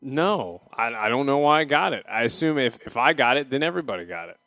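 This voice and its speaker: A man's voice: mid-range voice, big pitch swings, fast, sharp tone, no room sound. A podcast co-host with a hesitant, defensive way of talking. His voice swings widely up and down. The recording is dry and close. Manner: hesitant, defensive anecdote-telling. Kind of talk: casual podcast chat.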